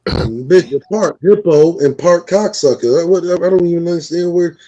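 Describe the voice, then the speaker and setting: A man co-hosting a casual talk who mocks clips in a profane, excitable way. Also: fairly high pitch, moderate pace, lo-fi sound. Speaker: co-host. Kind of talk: casual commentary.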